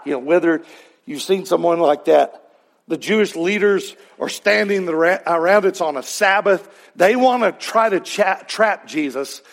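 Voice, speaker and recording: A pastor preaching a sermon in church, voicing scripture with emphasis and speaking directly to the congregation. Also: male voice, a little high. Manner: preaching to a congregation, acting out God's words with emphasis.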